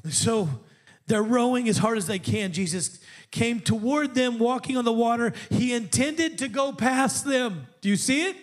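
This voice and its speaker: High-voiced preacher building to shouts. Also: male voice, moderate pace. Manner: preaching, rising to shouts, call-and-response asides. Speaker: pastor. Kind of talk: sermon.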